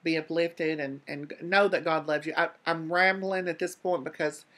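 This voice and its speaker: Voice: medium pitch, fairly even intonation, normal speed, a bit bright. A vlog host earnestly comforting a viewer and sounding close to tears, often repeating phrases. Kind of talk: heartfelt advice to a viewer.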